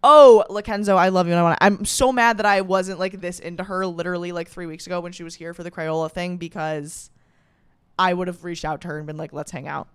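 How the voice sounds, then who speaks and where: A woman's voice: lowish voice, fast talker, clean tone, no room sound. Gushing, profane young woman from Western New York. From Rochester, New York. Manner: animated, profane, gushing, heavy use of "like". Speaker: comedian podcast host. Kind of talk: casual monologue.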